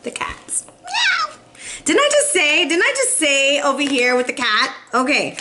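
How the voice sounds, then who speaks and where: A woman in her forties talks viewers through a tarot reading in an earnest, emotional way, pausing to sigh between messages. Her voice sits a little high, and faint noise hums under the recording. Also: big pitch swings, bright, forceful tone. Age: 40s. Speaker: tarot reader.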